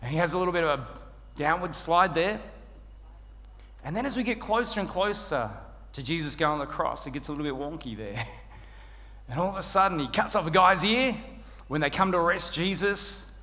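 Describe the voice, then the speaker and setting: Australian man, preacher, high bright voice, joking storyteller, reverberant church hall. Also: fairly quick, long pauses. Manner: humorous, self-deprecating, animated storytelling. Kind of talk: sermon.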